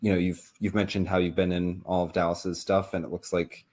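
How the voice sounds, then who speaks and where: A man's voice: low-pitched, little pitch movement, fairly quick, darkish tone. A man hosting an interview podcast, asking rambling, hesitant questions full of fillers. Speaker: podcast host.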